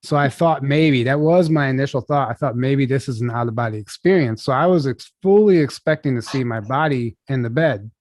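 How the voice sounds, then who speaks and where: A man's voice: medium pitch, a little mellow, no room sound. Casual man recounting a strange night. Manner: casual, halting, lots of "like" and restarts. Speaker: guest. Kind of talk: storytelling in an interview.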